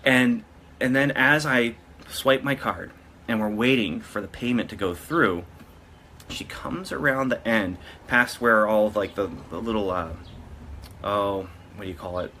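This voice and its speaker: A man talks to the camera in a relaxed, storytelling way, often circling back and correcting himself mid-sentence. His voice sits a bit low but has a bright, forceful edge. A faint hum of noise sits behind him. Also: a little slow. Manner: rambling, with frequent restarts and self-corrections. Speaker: vlogger. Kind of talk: casual storytelling.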